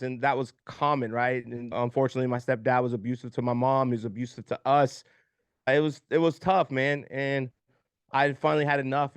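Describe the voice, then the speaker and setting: A man's voice: mid-range voice, clean tone, no room sound. A man in his thirties, a podcast guest, telling his life story openly and with emotion, often repeating words as he talks and swearing casually.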